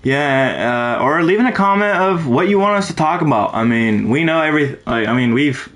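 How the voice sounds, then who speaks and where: A man's voice: a little high, expressive, normal speed, a bit bright, echoey room. A young man co-hosting a casual podcast, ranting animatedly and swearing freely. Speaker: podcast co-host. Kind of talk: casual chat.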